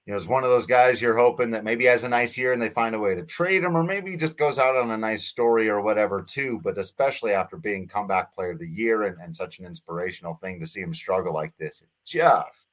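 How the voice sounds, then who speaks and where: Low-voiced man chatting about baseball. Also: quick pace, few pauses. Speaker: baseball podcast co-host. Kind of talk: casual sports chat.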